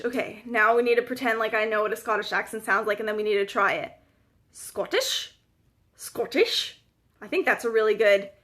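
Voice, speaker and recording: A young Canadian woman with a bright, slightly high voice, chatting on a live-stream vlog. She fills her talk with "um" and "like" and laughs at herself as she goes. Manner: chatty and self-deprecating, lots of fillers. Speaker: vlogger. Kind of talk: casual live-stream chat.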